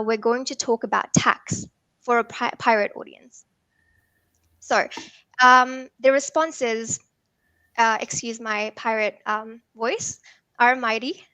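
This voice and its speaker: A woman talks through a technical workshop, pitched a touch high. She explains patiently and leans on frequent ums and uhs. The sound is close and dry. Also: fairly bright tone, no echo. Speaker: workshop presenter.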